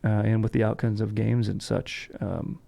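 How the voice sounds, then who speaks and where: A man's voice: fairly low pitch, little pitch movement, normal speed, gravelly, warm tone. A young man hosting a podcast in laid-back, slangy casual chat, peppering his talk with "dude". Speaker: podcast host.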